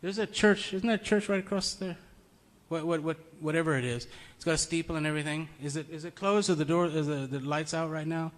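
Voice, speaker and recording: A man's voice: fairly high pitch, brisk. A man giving an informal, conversational sermon in a meeting room. He tells stories and chuckles often. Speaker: preacher.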